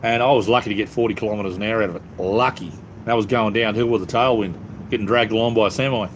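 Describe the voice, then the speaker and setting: A middle-aged Australian man hosts a casual livestream from the cleared-out space under his house, rambling in a laid-back way with plenty of ums. His voice is on the low side, steady and fast, over a noisy background.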